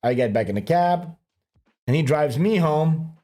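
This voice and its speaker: A man's voice: fairly high pitch, expressive, a little slow, warm tone. A man hosting a livestream, telling a long story in a rambling, profane way, laughing often and acting out what people said. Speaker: livestream host. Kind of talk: casual storytelling chat.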